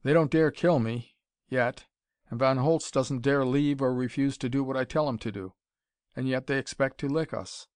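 A man's voice: mid-range voice, normal speed, a little mellow, clean tone, no echo, lightly acted. A man voicing a bold young male inventor who speaks with a dry, wry edge.

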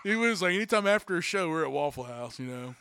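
A man's voice: on the high side, fast, smooth, no room sound, studio quality. A man telling profane stories in a casual chat, acting out the quotes. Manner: profane, animated storytelling with acted-out quotes.

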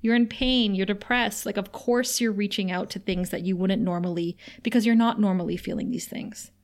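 Woman podcast co-host, casual recap, expressive retelling, sighs. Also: medium pitch, moderate pace. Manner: retells scenes dramatically, sighs often.

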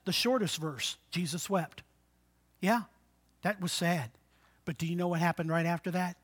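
Dynamic preacher in his sixties, bright. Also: fairly even intonation, normal speed, long pauses. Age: 60s. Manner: dynamic preaching, swinging between loud exhortation and quiet, low asides; call-and-response with the congregation. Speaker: pastor. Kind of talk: sermon.

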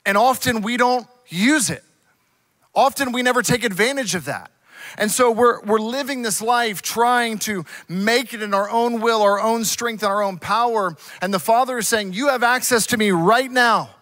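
A man's voice: very high-pitched, moderate pace, a bit bright. A man in his forties, a pastor who preaches a conversational, earnest sermon full of stories.

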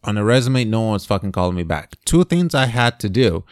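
A man from Nigeria co-hosting a podcast, talking in a blunt, profane, animated way. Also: lowish voice, a little fast, no room sound, studio quality. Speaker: podcast co-host. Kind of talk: casual chat.

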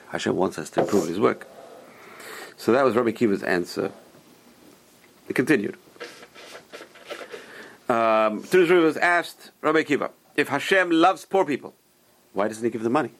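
A man's voice: fairly low pitch, vocal fry. A man teaching a Torah class, retelling old stories with rhetorical questions and Hebrew terms mixed in.

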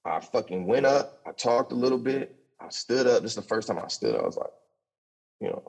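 A man's voice: medium pitch, lively intonation, brisk, vocal fry, slightly rough. A young man telling his own story with candid, profane energy, stumbling over short restarts. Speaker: podcast guest telling his recovery story.

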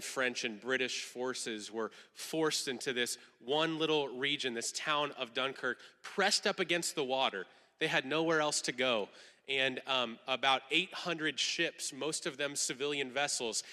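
A man preaching a sermon in an animated way, acting out quoted voices for emphasis. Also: on the high side, long reverb tail. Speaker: pastor.

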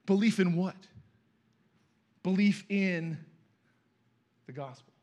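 A middle-aged man preaching as a guest speaker in a church, telling stories in a conversational, animated way. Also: sits high, slow. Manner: conversational, animated storytelling with acted quotes. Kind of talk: sermon with storytelling. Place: church sanctuary.

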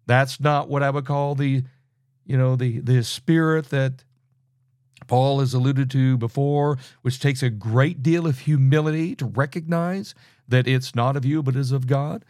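A man's voice: mid-range voice, measured pace, a little mellow, no room sound, studio quality. A middle-aged man teaching a sermon, earnest and scolding, often restarting his sentences. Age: middle-aged or older. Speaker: preacher.

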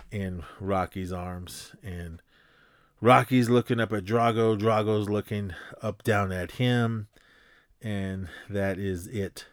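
A man's voice: on the low side, no room sound, studio quality. A man hosting a podcast, retelling a film scene in a loose, rambling way and acting out punches with sound effects. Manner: animated storytelling, acts out scenes with sound effects; loose and rambling, many fillers and restarts. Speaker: podcast host. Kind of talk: casual movie recap.

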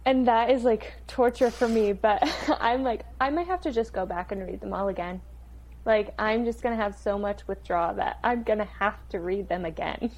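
A woman's voice: medium pitch, normal speed, darkish tone, low-quality recording. A young woman co-hosting a casual book-review podcast, effusive and giggly, with "like" peppering her speech. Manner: giggly, effusive, says "like" a lot. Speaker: podcast co-host.

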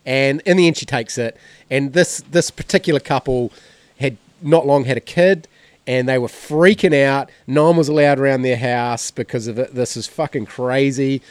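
A New man hosts a podcast in a mid-pitched voice. He speaks bluntly, with frequent swearing, and his sound is dry and close with no room echo. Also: moderate pace, clean tone. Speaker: podcast host. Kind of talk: casual chat.

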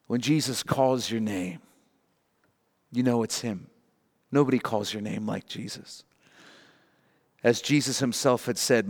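A man's voice: medium pitch, a little slow, pauses often, long reverb tail. A man preaching an earnest, emotional sermon, acting out the people he quotes. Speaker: pastor.

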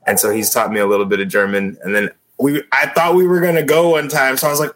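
Podcast guest: talkative American man, mid pitch, storyteller. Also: flat delivery, fast, a bit bright. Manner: chatty storyteller, slips into mimicked accents. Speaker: podcast guest, band musician. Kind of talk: casual podcast chat.

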